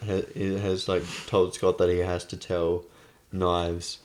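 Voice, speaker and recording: A man's voice: low voice, monotone, slow pace, darkish tone. A young man co-hosting a casual chat, laid-back and hesitant, laughing often. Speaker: co-host.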